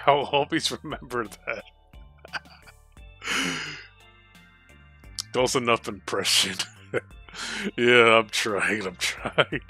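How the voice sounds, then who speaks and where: A man's voice: medium pitch, drawn-out words, long pauses, pushed and bright, husky, soft background music. A man playing a video game while giving playful casual commentary and laughing often. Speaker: let's play streamer.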